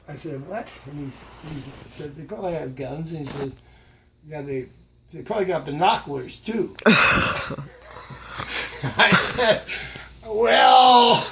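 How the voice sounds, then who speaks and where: Gravelly older man telling a story. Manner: animated, acts out quoted voices with jumps in pitch. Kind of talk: casual storytelling. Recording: loud background noise.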